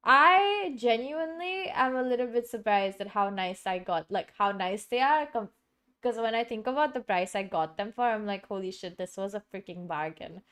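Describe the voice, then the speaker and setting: A woman's voice: fairly high pitch, normal speed, fairly bright tone, clear, resonant tone. A woman streaming from home, chatting casually and rambling with many fillers and restarts. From Singapore. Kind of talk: casual live-stream chat.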